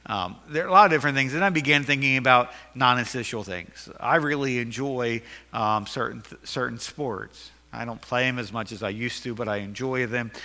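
Sharp-toned preacher man, echoing hall. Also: medium pitch. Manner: earnest, emphatic preaching with self-deprecating jokes. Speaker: pastor. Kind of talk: sermon.

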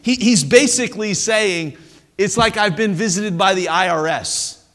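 A man preaching a sermon as pastor, animated and conversational, often stumbling over restarts as he talks. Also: high-pitched, a little slow, in a large hall. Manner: animated preaching with stammered restarts and playful impressions.

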